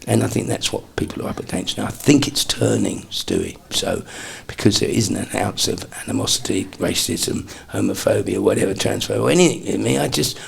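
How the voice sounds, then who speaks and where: A man in his sixties, a comedian guest telling lively anecdotes in an interview and dropping into quick impressions. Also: on the low side, vocal fry. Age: 60s. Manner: animated storyteller, slips into quick impressions.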